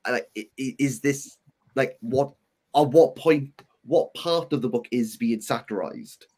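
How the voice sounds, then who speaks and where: A man with a Welsh accent hosting a casual book chat, talking in animated, rambling bursts with self-deprecating asides. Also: medium pitch, unhurried, husky. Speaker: book channel host.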